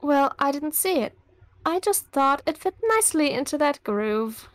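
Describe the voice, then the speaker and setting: A woman's voice: high-pitched, big pitch swings, normal speed. A young woman co-hosting a webcomic read-along, chatty and teasing, who laughs easily. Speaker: co-host, reading narration. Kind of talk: casual chat.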